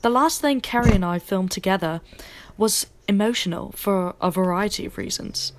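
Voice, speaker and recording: A woman's voice: mid-range voice, moderate pace, no room sound, lightly acted. A woman putting on a British accent to voice a young actress in casual podcast chat. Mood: earnest. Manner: quoting in a mild put-on accent.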